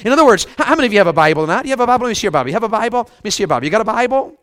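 A man's voice: sits high, big pitch swings, racing, fairly bright tone, no room sound. A man with a Southern US accent preaching a fervent revival sermon, often putting questions to the congregation. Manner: fervent, asks the crowd questions.

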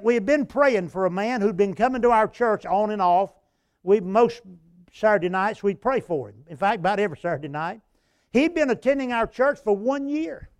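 An older preacher with a high, ringing voice, spinning a homespun story from the pulpit and climbing in fervor as he recounts the prayers. The sound is dry and close, with little room around him. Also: clean tone, no room sound. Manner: folksy, rising to impassioned when recounting prayers. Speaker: pastor and revival preacher. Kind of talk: sermon with personal storytelling.

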